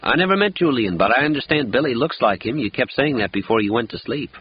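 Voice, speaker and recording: A man reading an audiobook voices a calm, stern, big-bodied male friend with an unhurried, dry, teasing manner. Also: mid-range voice, slight background noise, pitched above the performer's own voice, close to an everyday voice. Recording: dull lo-fi audiobook recording.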